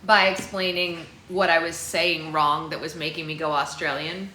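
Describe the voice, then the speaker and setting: A woman hosting a book club livestream in casual chat, playful and quick to laugh, recorded in a room at home. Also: low-pitched, little pitch movement, pushed and bright. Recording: echoey room with faint noise.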